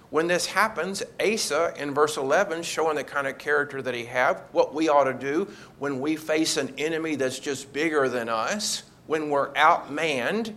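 A man's voice: on the high side, pushed and bright. A man leading a Bible study, teaching in a conversational way and asking the group questions.

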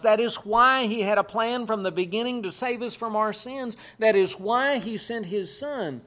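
High-voiced earnest male preacher. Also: normal speed, few pauses, sharp tone. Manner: earnest and emphatic, repeating key phrases. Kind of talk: sermon.

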